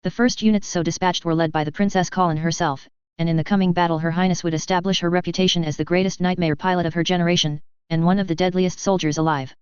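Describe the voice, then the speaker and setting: An audiobook narrator reading a story in a steady, formal way. The voice is very smooth and resonant, recorded dry with no room sound. The recording has a dull, lo-fi tone. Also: mid-range voice, fast, few pauses, no room sound. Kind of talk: scripted narration.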